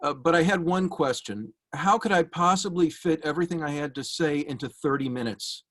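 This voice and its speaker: A man's voice: fairly high pitch, brisk, a bit bright. A man speaking over a video call, giving a heartfelt tribute to his former professor, telling anecdotes with light laughs. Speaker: memorial speaker, former student.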